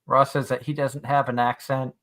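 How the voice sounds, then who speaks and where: A man's voice: mid-range voice, level tone, normal speed, fairly bright tone. A man from near Boston with a Boston accent, co-hosting a casual chat and telling rambling stories. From Massachusetts, near Boston. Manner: chatty, rambling anecdotes with restarts. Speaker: podcast co-host.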